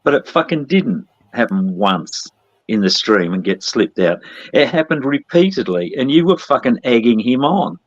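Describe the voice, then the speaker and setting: A man's voice: medium pitch, sing-song, moderate pace, no echo, dull audio. A man in a heated online voice chat, confrontational and sneering, swearing constantly. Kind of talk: angry live-stream argument.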